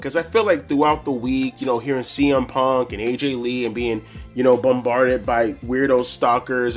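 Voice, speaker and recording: A man telling a casual, profane story to camera as a wrestling reviewer, animated and full of slang. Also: medium pitch.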